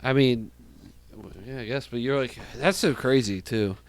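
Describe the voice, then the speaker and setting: A man's voice: mid-range voice, normal speed, dry recording. A young man co-hosting a casual podcast chat, rambling and restarting his sentences as he jokes around. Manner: rambling, restarts a lot, joking. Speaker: podcast co-host.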